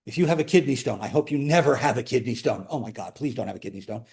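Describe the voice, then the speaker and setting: A man teaching a calculus class, explaining in a chatty way with joking asides, sometimes drawing words out and sometimes rushing. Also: mid-range voice, expressive, gravelly, a little mellow. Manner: pace swings between slow emphasis and quick runs. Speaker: math instructor. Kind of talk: classroom lecture.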